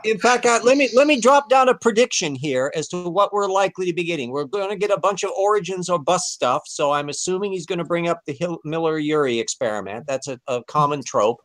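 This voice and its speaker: A man talks through background and predictions in a casual panel chat, stopping often to hunt for words. His voice sits a little high, and it sounds dry and close to the mic. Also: expressive, a little fast, few pauses, a bit bright, no echo. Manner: hesitant, explanatory, many fillers.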